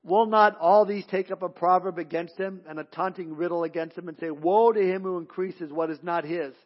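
A man preaching a sermon, reading scripture aloud and slowing down to stress key words, with small restarts. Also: high-pitched, fairly even intonation, muffled recording. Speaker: pastor.

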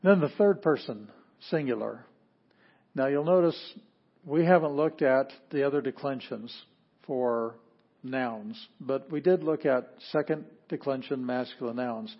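A man's voice: medium pitch, unhurried. A man with a twang gives a casual classroom lecture, chatty and self-correcting, with joking asides. His voice sits in a middle range. The recording is dull and lo-fi. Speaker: Greek teacher.

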